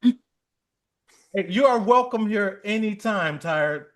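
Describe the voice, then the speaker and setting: A man's voice: sits high, animated, takes it slowly, a bit bright. A man hosting a livestream, chatting casually, joking and teasing and laughing a lot. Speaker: livestream host.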